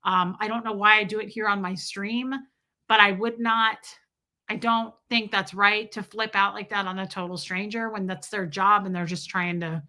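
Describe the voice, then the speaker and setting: A woman's voice: mid-range voice, pushed and bright. A young adult woman hosting a casual livestream, chatting emphatically and reading viewer super chats. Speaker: livestream host.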